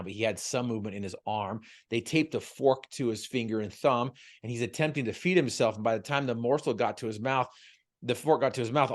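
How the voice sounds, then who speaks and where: A man, a guest on an interview show, telling a personal story in an earnest, emotional way with frequent stumbles and repeated words. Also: mid-range voice. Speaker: guest, motivational speaker. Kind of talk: heartfelt storytelling.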